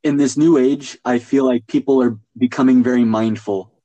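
A man's voice: mid-range voice, fairly even intonation, moderate pace, dark tone, no room sound, dull audio. A man hosting a casual podcast conversation, talking with enthusiasm and thinking aloud. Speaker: podcast host.

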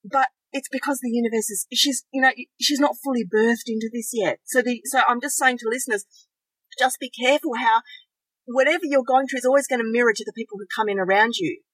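A woman co-hosting a spiritual podcast, talking earnestly and rushing through lists with restarts. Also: on the high side, steady tone, a bit bright, husky, no room sound, rough recording. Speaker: podcast co-host. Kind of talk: casual spiritual podcast chat.

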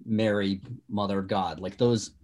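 A man's voice: medium pitch, expressive, brisk, crowd noise. A man from Massachusetts with a light Boston accent, chatting casually and explaining things with lots of fillers. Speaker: former tour guide. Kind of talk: casual chat.

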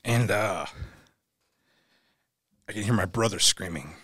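A man's voice: fairly low pitch, slow pace, a bit bright, breathy edge, no echo, clean studio sound. A man, a podcast guest, telling a vivid, profane story and acting out the voices in it. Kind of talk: animated storytelling.

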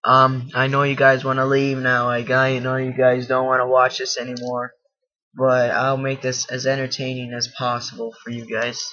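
Male solo podcast host, rambling and self-mocking, speaking up with a bright, tense tone; dull lo-fi computer-mic sound. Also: medium pitch, monotone, normal speed. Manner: rambling, self-deprecating, raising his voice. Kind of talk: casual solo podcast monologue. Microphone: computer mic from across the room.

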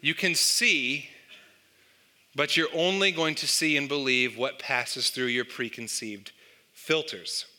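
Bright-voiced man preaching a sermon. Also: medium pitch, takes it slowly. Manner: storytelling with rhetorical questions. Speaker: pastor.

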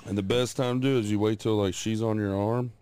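A man's voice: on the low side, fairly even intonation, fast talker, dark tone, clean tone. A man co-hosting a podcast, chatting crudely and breaking into laughter and silly put-on voices. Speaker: podcast co-host. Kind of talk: crude casual chat.

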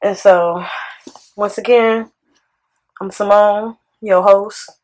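A woman's voice: mid-range voice, takes it slowly, low-quality recording. Sassy woman podcast host. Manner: animated, sassy and conversational. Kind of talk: casual podcast chat.

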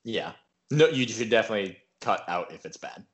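A man's voice: on the low side, lively intonation, fairly quick. A man hosting a podcast in casual, rambling chat. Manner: laid-back, rambling. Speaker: podcast host.

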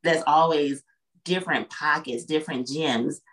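A woman's voice: deep voice, unhurried, fairly bright tone, rough recording. A woman guest on a podcast, talking in an earnest, reflective way and often checking in with the listener. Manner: reflective, earnest, frequent "you know what I'm saying". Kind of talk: casual chat.

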